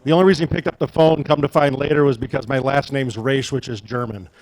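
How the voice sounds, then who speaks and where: A man's voice: medium pitch, steady tone, fast talker, darkish tone. Casual Midwestern man telling a car story. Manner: conversational, frequent fillers. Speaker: guest speaker at a car event.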